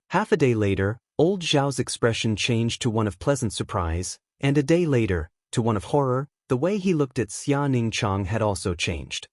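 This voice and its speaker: Steady male audiobook narrator, dry sound. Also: mid-range voice, no echo. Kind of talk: scripted narration.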